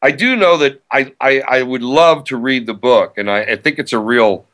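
Chatty and self-promoting, this older man, an author who also hosts radio, keeps restarting his sentences as he chats eagerly in a podcast interview. His mid-range voice is fairly bright and moves at a moderate pace.

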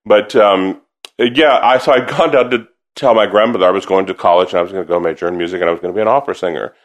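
A man's voice: deep voice, quick pace. A man from the American South, an opera singer, chatting casually in an interview and telling stories full of restarts. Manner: chatty, laughing storyteller with many restarts.

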